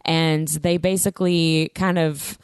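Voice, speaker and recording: Brief: woman co-host, low voice, dry close sound, reads aloud and makes wry asides. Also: little pitch movement, takes it slowly, clean tone, no echo. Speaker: podcast co-host. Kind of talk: casual book-club chat and reading aloud.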